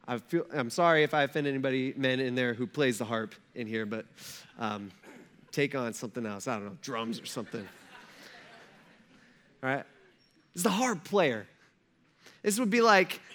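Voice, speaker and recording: Male pastor, animated joking sermon delivery, bright forceful tone. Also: mid-range voice, a little fast. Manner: animated, joking storytelling with asides to the congregation.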